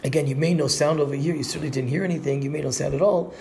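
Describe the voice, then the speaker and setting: A man's voice: on the high side, fairly even intonation, rapid-fire, vocal fry, dark tone, a little hiss or hum. A man, a rabbi, giving a spoken lesson on Jewish law, explaining step by step and glossing Hebrew terms in English.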